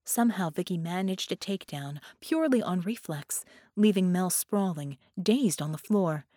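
A woman narrating an audiobook in a clear, measured storytelling manner. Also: on the low side, lively intonation, dark tone, dry recording, clean studio sound.

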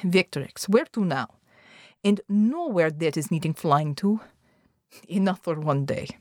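A woman voicing a gruff male team leader for an audiobook, speaking stern, broken English. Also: on the low side, lively intonation, measured pace, darkish tone, no echo, clean studio sound.

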